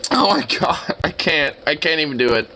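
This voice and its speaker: A livestreamer chatting casually on a live reaction stream, voice turning hoarse and raspy, excitable and swearing, squealing high when gushing. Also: normal speed, a little hiss or hum, rough recording.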